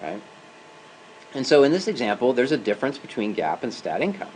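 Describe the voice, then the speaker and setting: A male adjunct professor lectures a university class in a classroom, at a mid-range pitch for a man. His delivery is loose and conversational, and he keeps checking in with the students. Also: sing-song, fairly quick, darkish tone, slight background noise, poor audio.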